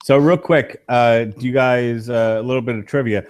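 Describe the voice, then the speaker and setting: A man's voice: mid-range voice, fairly even intonation, moderate pace, darkish tone, clean tone. Joking, enthusiastic man in casual chat. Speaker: podcast co-host.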